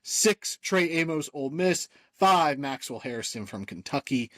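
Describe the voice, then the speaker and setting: Easygoing podcast host, dry close sound. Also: male voice, fairly high pitch, animated, a bit bright, dry recording. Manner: easygoing, lists rankings rapidly. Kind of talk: casual chat.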